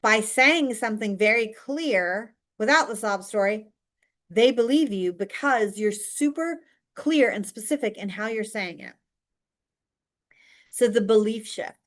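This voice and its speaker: A woman's voice: fairly high pitch, expressive, measured pace. Woman coach chatting to camera, takes her time, emphatic and direct. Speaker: online business coach.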